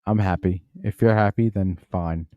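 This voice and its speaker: A man's voice: deep voice, moderate pace, dry recording, lo-fi sound. A tipsy man hosting a comedy podcast from home, rambling, stumbling over his words and cursing as he reacts to a news clip. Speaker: podcast host. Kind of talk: casual comedic commentary.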